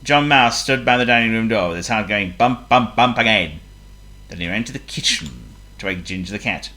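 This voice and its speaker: A woman reading a children's story aloud, expressive and playful, asking the listener questions. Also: extremely low pitch, brisk.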